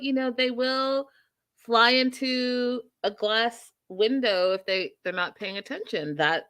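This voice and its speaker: A woman hosts a casual reality TV recap show with a bright, fairly high voice. She talks with animation, slipping into quick put-on voices to act out quotes and laughing often. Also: smooth. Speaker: host.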